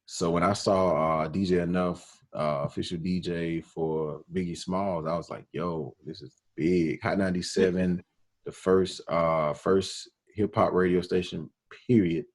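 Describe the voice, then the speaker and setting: A radio DJ from Alabama, telling his story in a relaxed interview with slang and quoted dialogue. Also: sits low, a little slow. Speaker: radio DJ, podcast guest.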